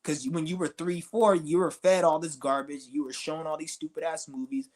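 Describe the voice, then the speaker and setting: Man, ranting monologue, swearing constantly, confrontational, voice a bit on the high side. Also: fairly even intonation, normal speed, a little mellow. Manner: profane, confrontational, insulting. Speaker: streamer.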